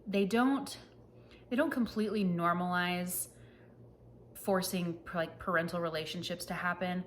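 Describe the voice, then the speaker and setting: Chatty woman reviewing books, slightly low voice. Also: fairly even intonation, measured pace, a little hiss or hum. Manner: chatty, self-deprecating, laughs at herself. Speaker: book reviewer. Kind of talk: casual book wrap-up chat.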